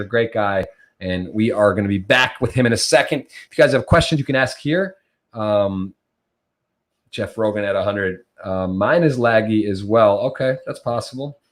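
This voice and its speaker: A man hosting a live-streamed poker podcast, chatty and upbeat, often restarting his sentences. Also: fairly low pitch. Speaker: podcast host.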